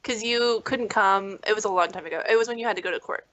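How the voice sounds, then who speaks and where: A woman's voice: mid-range voice, fast, fairly bright tone, highs cut off. A woman co-hosting a live stream over a video call, easygoing and teasing. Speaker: co-host. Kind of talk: casual live-stream chat.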